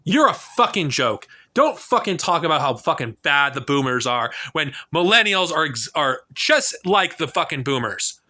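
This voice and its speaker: A fired-up man in his thirties rants at his camera, his high voice swinging widely up and down. He sounds bright and forceful, swearing freely and stumbling over restarts as the frustration pours out. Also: very animated. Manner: heated, profane, halting with frequent restarts. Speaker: political vlogger. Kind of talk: angry political rant to camera. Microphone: camera mic.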